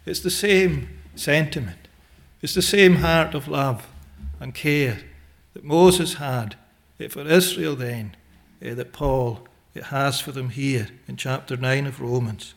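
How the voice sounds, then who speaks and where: A man preaching a sermon in a slow, deliberate way, pausing often with "eh" and quoting old scriptural phrasing. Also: on the high side.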